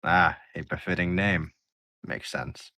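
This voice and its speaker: A man playing a smooth suited stranger. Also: sits low, slow, bright, forceful tone, dry recording, clean studio sound, heavily acted. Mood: courteous. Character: suave man in a suit at a bar.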